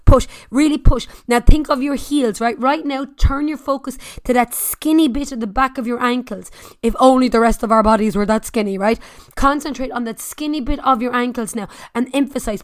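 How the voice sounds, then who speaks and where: A woman coaching a spin class, counting down intervals, shouting encouragement and cracking jokes. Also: sits high, moderate pace. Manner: jokey, swears casually.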